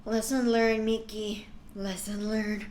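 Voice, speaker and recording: A woman's voice: mid-range voice, little pitch movement, takes it slowly, a little mellow, a little hiss or hum. A woman streamer reading cringe fan fiction aloud on a live stream, breaking off with exasperated, sarcastic asides.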